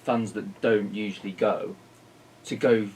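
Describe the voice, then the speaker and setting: Guy co-host, lowish voice, animated chat, mic far off with faint hiss. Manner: animated, quick, full of "like". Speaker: podcast co-host. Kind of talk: casual chat.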